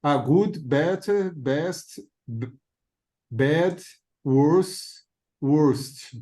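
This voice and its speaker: A man with a Brazilian accent, a student reading word lists aloud haltingly and stumbling on words, heard from a distant mic. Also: fairly high pitch, mellow. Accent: Brazilian Portuguese. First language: Portuguese.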